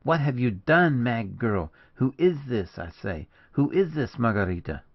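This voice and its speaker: A man's voice: on the low side, normal speed, highs cut off, lightly acted. A man reading aloud, voicing a fierce, suspicious young male guerrilla in an audiobook. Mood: angry. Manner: harsh, angry outbursts.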